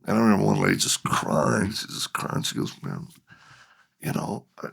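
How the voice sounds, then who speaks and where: A man's voice: fairly low pitch, little pitch movement, a little fast, vocal fry, a bit bright, husky. A middle-aged man, a ministry leader and podcast guest, telling a story animatedly, acting out both sides of the dialogue.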